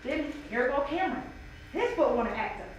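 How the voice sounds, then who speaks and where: High-voiced woman telling an emotional story. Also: brisk, muffled recording. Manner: emotional, animated storytelling with acted-out quotes. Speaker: mother sharing in bible study. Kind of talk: personal testimony in a group discussion. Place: church bible study room. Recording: echoey room from far off, noisy.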